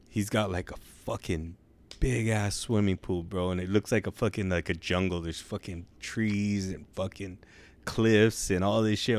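A young man with a lowish voice spins a long crude joke in loose, profane slang. He stretches out key words as he builds the story. The sound is dry and close, with no room around it. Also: a little mellow, no room sound. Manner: profane, drawn-out slangy delivery. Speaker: joke teller.

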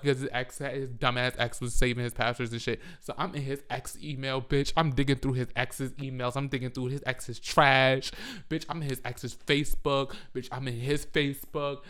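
A man's voice: mid-range voice, fairly bright tone, smooth. A man telling a rambling, profane story in a casual monologue on a handheld mic.

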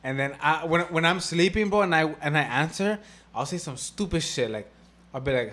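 A man's voice: fairly high pitch, animated, a little fast, fairly bright tone. A young man co-hosting a podcast, chatting in a slangy, crude, playful way and saying "bro" often. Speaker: podcast co-host. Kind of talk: casual storytelling chat.

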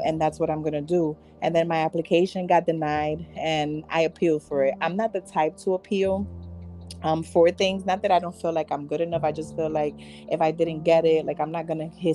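Woman co-host, low and soft-spoken, earnest, guitar music underneath. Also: little pitch movement, fairly quick. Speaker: podcast co-host. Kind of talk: casual faith conversation.

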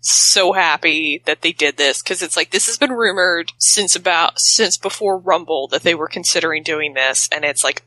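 A woman co-hosting a casual wrestling talk show, chatty and excitable, with teasing asides. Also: on the low side, moderate pace, hardly any pauses, dry recording, low-quality recording. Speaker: podcast co-host.

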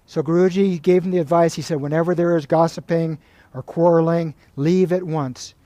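A man, a monk, giving a spiritual talk in a calm, measured way, retelling stories and reading passages aloud. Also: a little high, no echo.

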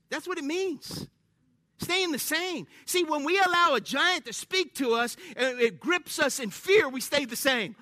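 A man with a very high, sharp, bright voice preaches a lively sermon to a congregation in a church. He jokes and calls out to the crowd in an energetic call-and-response. The sound is dry and close. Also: normal speed, no room sound.

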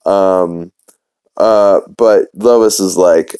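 A man's voice: sits low, measured pace, mellow, no room sound. A man hosting a podcast, casually recapping a cartoon episode in a rambling way with many fillers and some swearing. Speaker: podcast host.

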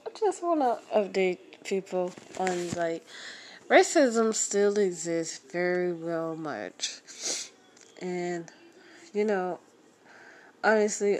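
Woman with a cold, slow blunt rant, swears a lot, kinda rambly. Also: lowish voice, a little mellow, slight background noise. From Florida. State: has a cold. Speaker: podcast host. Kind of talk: casual ranting monologue.

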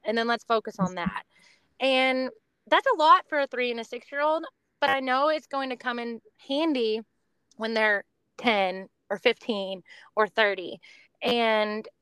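A woman in her thirties, appearing as a podcast guest, talks earnestly and reflectively about faith and parenting in long, flowing runs. The conversation is casual and faith-based. Her voice is fairly high, a bit bright, and smooth, in a dry recording.

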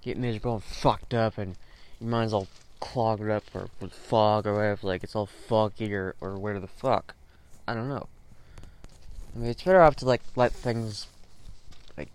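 A man's voice: fairly low pitch, moderate pace, a little mellow, clear, resonant tone. A man hosting a podcast, rambling through a solo monologue full of fillers and swearing, with sudden bursts of frustration. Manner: rambling, heavy fillers, profane, flares up in bursts. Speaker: podcast host.

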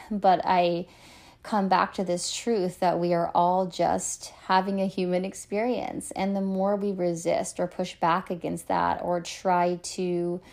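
This thirtysomething podcast host and coach chats casually, spinning self-mocking stories with plenty of filler words. Her voice is fairly low, gravelly, and somewhat dark.

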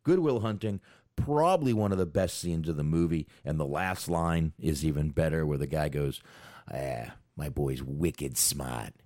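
A man's voice: extremely low pitch, normal speed, darkish tone, dry recording, clean studio sound. A man hosting a podcast, rambling casually about a film and thinking aloud while looking things up. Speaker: podcast host.

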